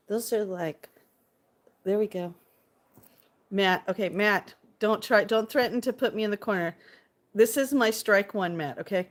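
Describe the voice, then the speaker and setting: On a casual livestream, a woman chats playfully with her viewers, thanking them and talking about the birds outside. Her voice is medium in pitch, her pace measured, and she leaves long pauses.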